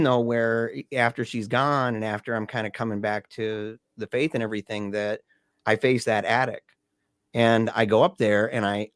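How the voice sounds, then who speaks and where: A middle-aged man speaks as a podcast guest in casual, halting storytelling, often restarting his sentences and laughing softly. His voice sits at an ordinary pitch. The recording is dry and close. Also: no echo.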